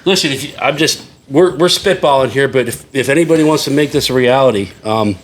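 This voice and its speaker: Joking, swearing man with a husky voice. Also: medium pitch, brisk. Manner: joking, swearing, laughs often. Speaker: podcast host. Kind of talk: casual chat over drinks.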